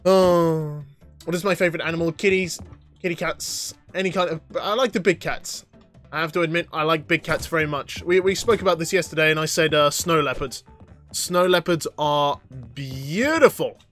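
A fairly high-voiced young man does live gameplay commentary with excitable energy, breaking into laughs and sudden yelps as he plays. He reads viewers' questions aloud and chats back. Faint game music plays behind him. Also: normal speed. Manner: excitable, reads chat questions aloud and answers them, frequent laughter and outbursts. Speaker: gaming livestreamer.

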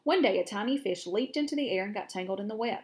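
A woman's voice: medium pitch, expressive, fast talker, close to an everyday voice. A woman voicing a patient, wise female spider while reading a storybook aloud to children. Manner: patient, gently commanding. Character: calm, wise, kindly female barn spider.

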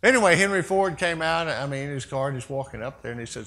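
A man's voice: fairly high pitch, animated, quick pace, a bit bright. A man preaching a sermon as a pastor, telling a story in a loose conversational way with asides. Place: church sanctuary. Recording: long church reverb.

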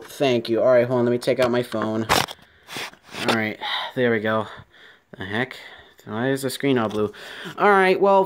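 A man giving let's-play commentary, jumpy and panicky, repeating himself and talking straight to his viewers. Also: fairly high pitch. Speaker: gaming video creator.

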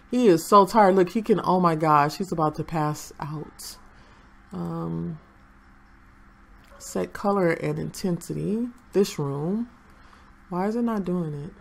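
A woman's voice: lowish voice, vocal fry. A young woman chatting through her gameplay and talking to the game characters. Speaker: gaming channel host. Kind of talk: casual gameplay commentary.

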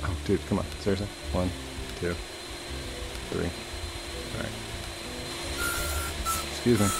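Over heavy background noise, a young gaming YouTuber offers casual commentary on a building game, joking around and laughing with his viewers. He talks slowly in a low, steady, gravelly voice.

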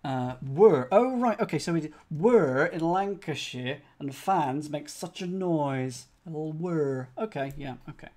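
Slow, musing man solving clues. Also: a little high, lively intonation, a little mellow. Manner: musing, spells out letters, talks to chat. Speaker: crossword streamer. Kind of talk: thinking aloud while solving live.

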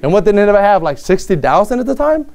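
High, clear-voiced man preaching. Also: sing-song, fast talker, darkish tone. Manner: earnest, rises in pitch when reading scripture aloud. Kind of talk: sermon. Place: church.

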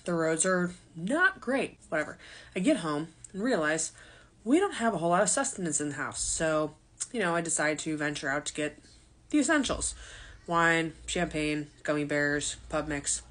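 A young adult woman telling a casual storytime, self-mocking and animated. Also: sits low, moderate pace.

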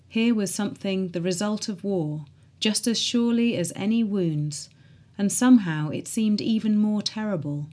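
A woman reading a diary aloud in a measured, earnest way. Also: medium pitch, warm tone.

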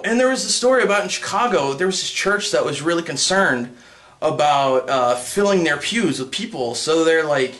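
A young man doing a stand-up set for a live crowd, halting with many ums and uhs and breaking into high put-on voices. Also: a bit bright. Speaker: stand-up comedian. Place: comedy stage with a live audience.

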